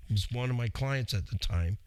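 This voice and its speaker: A man's voice: mid-range voice, fairly quick, darkish tone, clear, resonant tone, no echo. Middle-aged radio guy rambling thru a story, chatty, talks right at you, dry close sound. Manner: rambling, chatty, addresses listeners directly. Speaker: radio show host. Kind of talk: casual storytelling.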